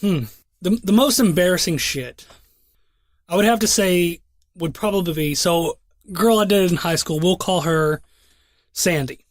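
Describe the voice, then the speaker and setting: A young man with a fairly high voice hosts a podcast and spins a loose, profane story in a laid-back way. His speech is full of restarts. The sound is close and dry. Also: a little slow, pauses often, no echo. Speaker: podcast host. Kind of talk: casual podcast chat and storytelling.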